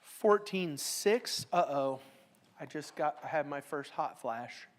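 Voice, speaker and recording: A woman's voice: low voice, lively intonation, takes it slowly, slight background noise. A middle-aged woman teaching a Bible study class. She reads verses aloud with strong emphasis, then explains them in a casual, joking way.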